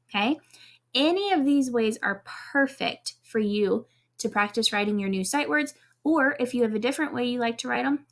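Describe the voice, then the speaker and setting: A woman teaching kindergarten in a video lesson, encouraging and clear, spelling out letters one at a time for young children. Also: fairly high pitch, a bit bright.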